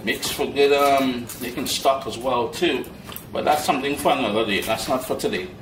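A man's voice: medium pitch, normal speed, reverberant, noisy background. A man hosting a home cooking demonstration, chatty and folksy, talking straight to his viewers. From Trinidad and Tobago. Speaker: cooking show host. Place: home kitchen.

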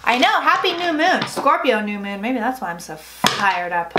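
Brash high-voiced woman reading cards. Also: sing-song, normal speed, roomy sound, very noisy. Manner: brash, profane, joking running commentary. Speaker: psychic tarot reader. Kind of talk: casual livestream card reading.

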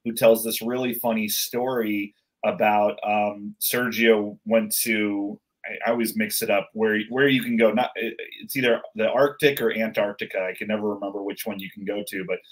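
A man's voice: fairly low pitch, steady tone, normal speed, low-quality recording. A man hosting a casual chat, rambling with many fillers.

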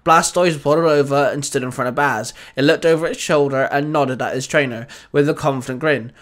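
A man reading a fan fiction story aloud in a steady storytelling voice. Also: mid-range voice, fairly quick. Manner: steady reading with small restarts.

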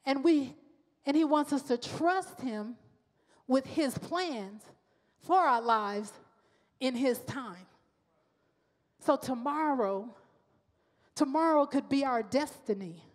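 Slow, high-voiced woman preaching in a reverberant hall. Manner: personal, conversational preaching with slow emphatic repetition. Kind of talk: sermon. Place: church sanctuary.

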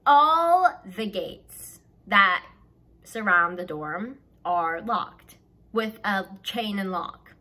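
A young woman from the American South, telling a story in a chatty, animated way and saying "like" constantly. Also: mid-range voice, extremely slow. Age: young adult. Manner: chatty and animated, heavy use of "like". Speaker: vlogger. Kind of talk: storytime vlog.

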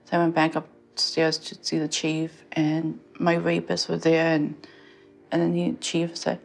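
Young woman, gravelly low voice. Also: monotone. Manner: halting, many fillers and restarts, quotes others. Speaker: survivor telling her story. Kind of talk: personal testimony.

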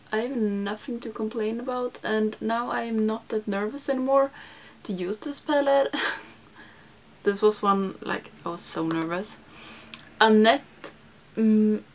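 Chatty young woman doing a makeup vlog. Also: medium pitch. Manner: chatty, self-deprecating, many fillers, drops into soft whispers while applying makeup. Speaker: beauty vlogger. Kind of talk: casual makeup tutorial chat.

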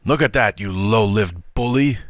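A man's voice: medium pitch, animated, normal speed, fairly bright tone, no room sound, clean studio sound, voice pushed up, close to an everyday voice. A man voicing an older schoolboy who protects the smaller boys and scolds a bully firmly. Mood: indignant. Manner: firm and scolding.

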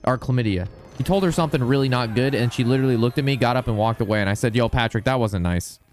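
A young man giving casual gameplay commentary as a streamer, rambling, excitable and swearing a lot. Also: medium pitch, fast talker, soft background music.

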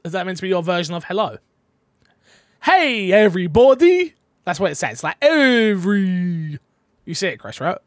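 A man's voice: high voice, lively intonation, brisk, a bit bright, dry recording, studio quality. A man hosting a casual gaming podcast, playful and teasing as he reads out listener questions. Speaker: podcast host.

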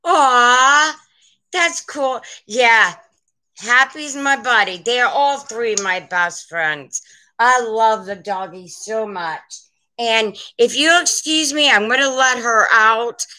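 Sex: woman. Role: vintage seller on a live stream. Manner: chatty, rambling, slow. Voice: bright, a little high. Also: poor audio. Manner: chatty, rambling, warm toward her viewers. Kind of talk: live-stream sales chat. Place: at home, indoors.

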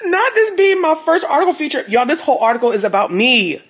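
A woman's voice: high voice, very animated, fast talker. A young woman vlogging casually, often laughing and exclaiming in disbelief. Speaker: lifestyle vlogger. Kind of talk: casual vlog chat.

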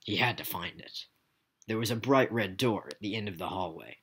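A man's voice: lowish voice, normal speed, a bit bright, breathy edge. A man hosting a video, reading a silly story aloud, stumbling over the text and breaking into laughter. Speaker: YouTube host reading a story. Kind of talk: comic read-aloud with asides.

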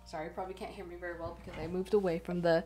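A young Canadian woman races through her words in a mellow, lowish voice with a flat delivery, faint music behind her. She's chatting casually on a live stream as she plays, thinking out loud and apologizing, speaking into a desk microphone at home and stepping away at times.

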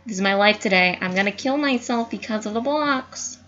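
A young woman giving casual gameplay commentary, excitable, swearing and yelling at the screen. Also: mid-range voice, fairly quick, muffled recording. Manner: excitable, yells at the screen, frequent cussing. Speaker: gaming youtuber.

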